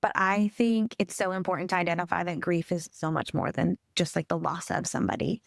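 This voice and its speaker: A woman's voice: fairly low pitch, a little fast, creaky, no echo, studio quality. A woman who coordinates a grief program, talking casually as a guest and often saying "like" and "right?". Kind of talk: casual storytelling and explaining.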